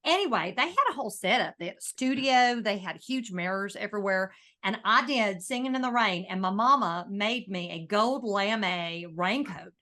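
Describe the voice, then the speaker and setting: A woman co-hosting a podcast, chatting casually and telling an animated story. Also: mid-range voice, moderate pace, hardly any pauses. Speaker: podcast co-host. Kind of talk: casual chat.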